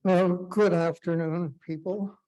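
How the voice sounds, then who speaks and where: A man's voice: sits high, steady tone, dark tone, muffled recording. An older man, a retired judge, giving a formal speech at a memorial. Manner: slow, measured delivery. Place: memorial gathering.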